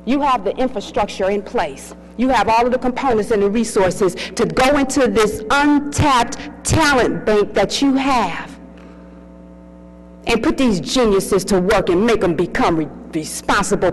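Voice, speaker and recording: Woman, keynote speaker, animated storytelling, conference hall. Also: mid-range voice, a little hiss or hum. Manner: animated storytelling, acting out quotes. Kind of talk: conference speech.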